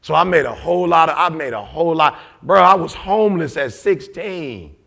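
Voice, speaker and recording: A middle-aged man, giving an emotional, preacher-like motivational talk that swings from loud to low. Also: animated, moderate pace, vocal fry. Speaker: motivational speaker.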